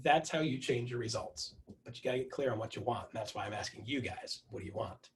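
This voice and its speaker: A man giving an energetic motivational talk to his team, telling a story with lots of repetition, speaking in an online video meeting. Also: mid-range voice, fast talker.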